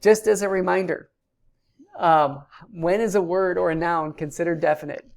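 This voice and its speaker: A woman's voice: on the low side, fairly even intonation, normal speed, creaky, a little mellow. A woman giving a recorded grammar lecture, explaining patiently with frequent ums. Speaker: Hebrew teacher.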